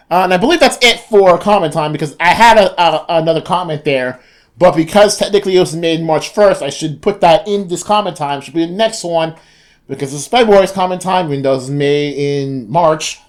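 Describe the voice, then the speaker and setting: A gaming YouTuber casually answering viewer comments, rambling with many restarts, the pitch jumping up when he gets excited. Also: normal speed.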